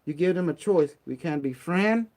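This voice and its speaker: A man's voice: on the high side, animated, normal speed, a little mellow. A man from Cambodia giving blunt, streetwise, preachy advice in a casual motivational talk. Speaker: online talk host.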